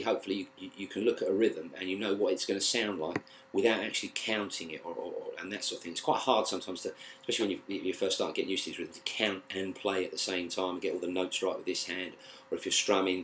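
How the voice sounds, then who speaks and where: A man with a British accent teaching a guitar lesson, explaining in a relaxed, halting way with plenty of fillers and restarts. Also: deep voice, slight background noise. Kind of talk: casual spoken lesson.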